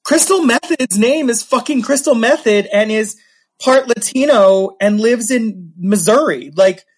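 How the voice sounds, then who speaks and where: Animated, sarcastic man hosting. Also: very high voice, husky. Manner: animated, sarcastic, quick asides. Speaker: podcast host. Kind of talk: casual chat.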